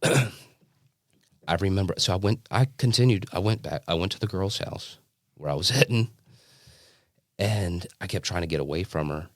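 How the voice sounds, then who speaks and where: A man giving a personal testimony as a podcast guest, telling his story earnestly with halting restarts and fillers. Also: deep voice, dry recording, clean studio sound. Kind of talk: personal testimony in a casual interview.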